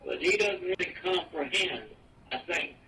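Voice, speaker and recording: Halting old man on a distant home recording. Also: high voice, animated, sharp tone, slight background noise. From Virginia, US. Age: 80s. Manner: halting, stumbles and repeats with many fillers. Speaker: retiree interviewed in an archive recording. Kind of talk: casual reminiscing.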